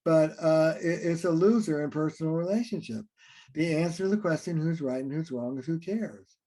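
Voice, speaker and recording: A man with a slightly raised, mellow voice talks through relationship advice in an interview. He is animated and acts out quick exchanges between partners as he explains. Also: on the high side. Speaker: relationship therapist and author.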